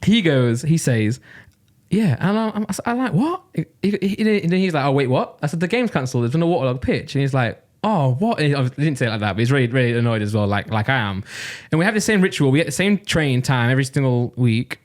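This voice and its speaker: A man from Nottingham with a Midlands accent, co-hosting a casual podcast and telling an exasperated, animated story. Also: mid-range voice, fast. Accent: English Midlands. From Nottingham, England. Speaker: podcast co-host.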